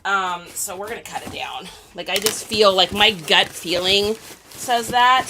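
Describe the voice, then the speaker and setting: A woman's voice: mid-range voice, a little slow, background noise. A woman, chatting casually with viewers on a live stream as she packs items to ship. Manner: chatty, talks to viewers and reads their comments. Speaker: reseller live-streaming while packing orders.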